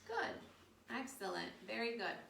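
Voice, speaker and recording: A woman's voice: on the high side, big pitch swings, measured pace, vocal fry, fairly bright tone. Woman doing kids yoga storytime, upbeat n encouraging, mic kinda far off, faint noise behind. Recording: echoey room, distant mic, faint background noise.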